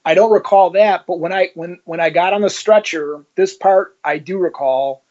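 Storytelling man, slightly high voice. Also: moderate pace. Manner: animated storyteller acting out quoted dialogue. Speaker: interview guest, former police officer. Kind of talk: casual storytelling. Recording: slightly muffled lo-fi audio.

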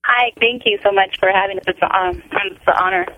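A woman in her forties, a mother calling in to an interview, tells her story haltingly with many fillers and acts out the dialogue she quotes. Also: mid-range voice, steady tone, no room sound. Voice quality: creaky, gravelly. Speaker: guest, mother of a patient. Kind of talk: phone-in interview, personal story. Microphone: telephone. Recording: tinny phone line.

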